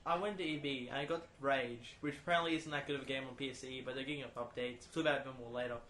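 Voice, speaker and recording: Un joven australiano que divaga y se interrumpe al charlar con sus amigos en un podcast. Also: male voice, mid-range voice, steady tone, fairly bright tone. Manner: rambling, halting, self-interrupting. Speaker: podcast co-host. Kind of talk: casual chat. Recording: echoey room with faint noise.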